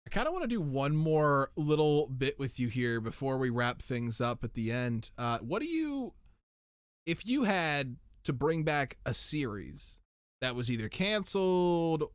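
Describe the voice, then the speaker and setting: A man's voice: medium pitch, big pitch swings, unhurried, clean tone, no echo. A man hosting a casual podcast chat, rambling animatedly through tangents in a soundproofed home studio. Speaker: podcast host.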